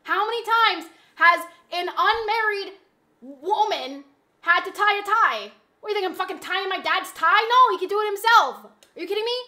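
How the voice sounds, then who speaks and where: Brash high-voiced woman streamer. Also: expressive, moderate pace, pushed and bright. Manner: brash, swearing, defensive banter with chat. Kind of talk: casual livestream chat.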